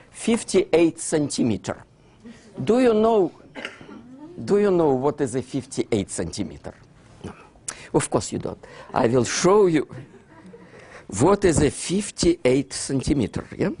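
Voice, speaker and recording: A man with a Russian accent, not a native English speaker, giving an animated lecture, dropping articles and constantly checking in with "yeah?". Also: fairly high pitch, measured pace, pauses often, husky. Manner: keeps asking "yeah?" to check his listeners; non-native grammar, drops articles.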